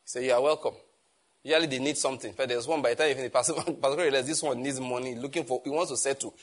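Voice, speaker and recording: A man preaching a sermon as pastor, animated and emphatic, often firing rhetorical questions. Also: mid-range voice, racing.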